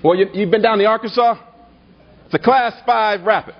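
A man's voice: sits high, moderate pace, highs cut off, a little hiss or hum. A man giving a rousing political dinner speech at a banquet, building to repeated rhetorical refrains with a humorous anecdote mixed in. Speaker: political speaker. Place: banquet hall at a party dinner.

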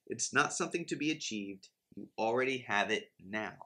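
A man's voice: medium pitch, moderate pace, bright, forceful tone. A man in his thirties teaching in an earnest, emphatic way, often acting out the prayers and reactions of believers. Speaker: Christian finance teacher. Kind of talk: motivational faith teaching.

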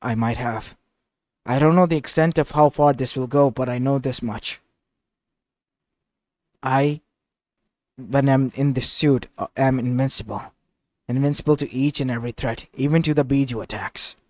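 A man voicing an earnest young male genius inventor, speaking in a hushed, subdued way in a fan-made storybook reading. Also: medium pitch, moderate pace, long pauses, no room sound, natural voice.

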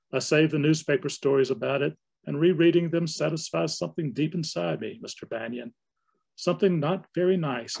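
A man's voice: medium pitch, vocal fry, a little mellow, slightly rough. A man reading aloud as a cold, spiteful widow from a noir story, with cool, mocking, genteel phrasing.

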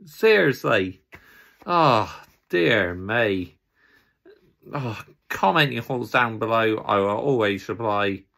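A man's voice: lowish voice, lively intonation, takes it slowly, gravelly, long pauses, a bit bright. A young man ranting furiously and swearing as a football fan vlogger, repeating his anger over and over. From England. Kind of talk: angry ranting fan vlog.

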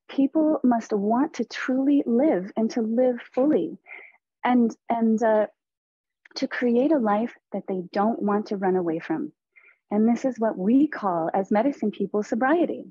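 A woman giving a slow, deliberate, earnest spiritual lecture to therapists over a video call. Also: a little high, mellow, breathy edge, dry recording. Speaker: presenter on a teaching panel. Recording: dull lo-fi video call audio.

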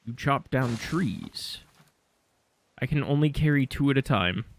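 Brief: male streamer, mid-pitched voice, dry sarcastic jokes over casual gameplay commentary. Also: unhurried, a little hiss or hum. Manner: sarcastic, deadpan joking, laughs at his own jokes. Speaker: game streamer.

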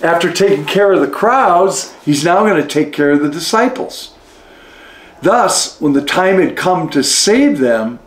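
Slow, thoughtful man in an echoey room. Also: on the high side. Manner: reflective, pausing to explain passages. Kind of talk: reading aloud with spiritual commentary.

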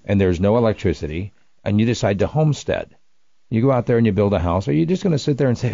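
A man hosting a radio talk show, chatting casually with halting restarts and rhetorical questions. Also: fairly low pitch, expressive, vocal fry, warm tone, dry recording. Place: radio studio. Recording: slightly dull radio studio audio.

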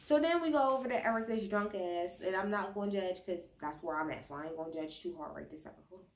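A fast-talking woman with a mid-range voice chats through a reality TV recap, swearing freely and using plenty of slang while a bit tipsy. She records at home on a built-in mic rather than a proper one, leaving an echoey room sound.

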